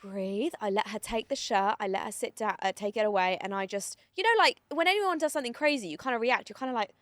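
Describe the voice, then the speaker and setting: A woman's voice: medium pitch, fast, no echo. A young woman co-hosting a podcast, animatedly telling a story in casual chat. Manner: animated storyteller, acts out quoted voices. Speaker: podcast co-host.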